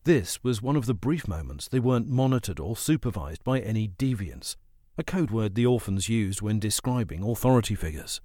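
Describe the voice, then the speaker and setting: A man narrating a children's adventure story as an audiobook, with expressive storytelling. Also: on the low side, normal speed, dry recording, clean studio sound.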